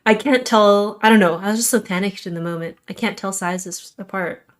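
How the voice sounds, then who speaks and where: Chatty young woman streamer, rambling and self-deprecating, mid pitch, casual stream talk. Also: brisk.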